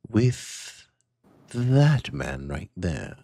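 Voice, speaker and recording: A man voicing a brisk male overseer who gives curt orders. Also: sits low, sing-song, vocal fry, mellow, no echo, clean studio sound, voice pushed up, exaggerated voice. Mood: commanding. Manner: curt commanding instructions. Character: brisk bossy male overseer handing out tasks.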